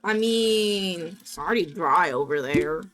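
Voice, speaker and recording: A woman's voice: lowish voice, a little slow. A young adult woman streamer chatting casually on a live stream from home. She rants indignantly and swears freely. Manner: indignant, swearing, animated ranting.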